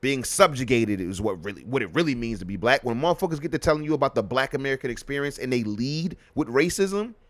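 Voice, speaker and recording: A man hosting a live podcast, delivering a heated, profane, repetitive rant that swings from loud outbursts to low muttering. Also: animated, fast talker, hardly any pauses, no echo. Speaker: podcast host.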